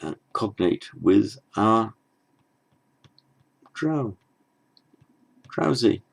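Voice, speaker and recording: A man teaching at a very unhurried pace, his low voice gravelly with fry. He goes through the text bit by bit, stressing each foreign word slowly and clearly before he explains it. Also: animated. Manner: slow, careful, stepwise explaining; pronounces foreign words slowly with emphasis. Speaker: Sanskrit teacher. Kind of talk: lecture.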